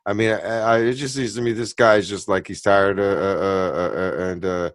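A man's voice: fairly low pitch, steady tone, moderate pace, dry recording. A man co-hosting a casual chat, reacting to a video in a ranting, profane way. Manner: ranting, profane, rising to loud outbursts.

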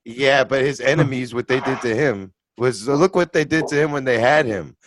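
A man's voice: mid-range voice, normal speed, over a noisy crowd. A man in casual group chat, rambling and restarting his sentences. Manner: rambling, many restarts and "I'm just saying".

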